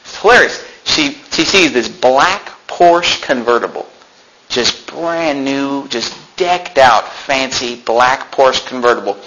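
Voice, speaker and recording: A man's voice: mid-range voice, slow pace, muffled recording, noisy background. A man preaching a sermon as pastor, talking conversationally, often laughing and acting out complaining voices.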